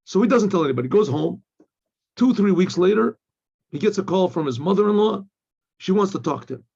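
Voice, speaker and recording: Gravelly high-voiced rabbi telling a story. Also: male voice, a little fast. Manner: animated storyteller, acts out quoted voices, repeats words. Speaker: rabbi teaching. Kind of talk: storytelling lesson. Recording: dull lo-fi recording.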